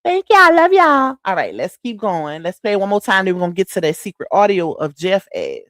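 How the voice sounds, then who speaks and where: A woman's voice: fairly low pitch, big pitch swings, brisk, dry recording. Woman livestream host, casual slangy chat, dry close sound. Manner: chatty, slangy, speaks straight to the chat.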